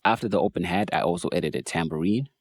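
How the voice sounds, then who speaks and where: A man casually walking through how he built a beat, in a laid-back, relaxed way, as host of a production tutorial. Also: sits low, quick pace, husky, no room sound, clean studio sound. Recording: faint music behind voice. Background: beat playback.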